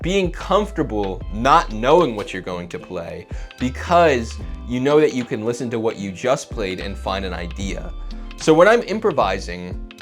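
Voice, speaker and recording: A man teaching guitar in a casual lesson, explaining improvising and scat-singing phrases along with his playing. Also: medium pitch. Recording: music playing behind the voice.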